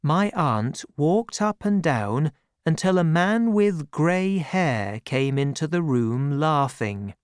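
Woman narrator, low voice, lively intonation, measured storybook reading. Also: clear, resonant tone, no echo, studio quality.

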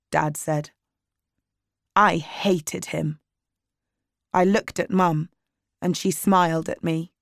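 A woman narrates a chapter book in a measured, clear way. Her pace is slow, her voice is a little low, and the sound is dry and close. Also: no echo. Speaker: audiobook reader. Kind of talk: scripted narration of a graded reader.

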